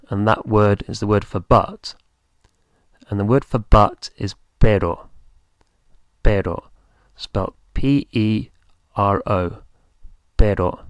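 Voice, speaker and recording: A man's voice: lowish voice, dry recording. A man teaching a beginner language lesson, patiently repeating and spelling out words.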